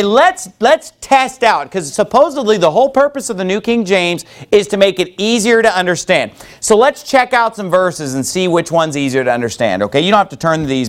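A man preaching a sermon to his congregation, sarcastic and mocking, with quick asides. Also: high-pitched. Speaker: pastor. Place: church building with congregation.

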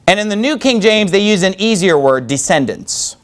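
Guy preaching in a church, high voice, mocking and sarcastic. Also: lively intonation, normal speed. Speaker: pastor. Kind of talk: sermon. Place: church building with congregation.

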